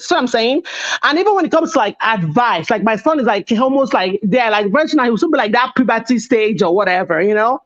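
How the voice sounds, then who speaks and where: A woman's voice: on the high side, lively intonation, fast, muffled recording. A woman in her thirties, co-hosting a casual panel talk, rambling with many restarts and asides. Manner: rambling, many restarts and "you see what I'm saying". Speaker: podcast co-host.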